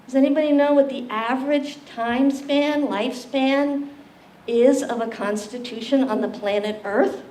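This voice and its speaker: Lively woman lecturing in an echoey room. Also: on the high side, measured pace. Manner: animated, jokey, questions the audience. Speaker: lecturer leading a community library talk. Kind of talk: interactive public lecture. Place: library meeting room. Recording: echoey room, distant mic, faint hiss.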